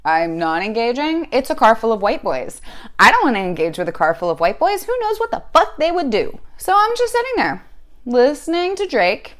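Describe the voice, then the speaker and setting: A woman giving a casual fan reaction, telling a story in a wry, profane, animated way. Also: fairly high pitch, moderate pace. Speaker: sports fan vlogger.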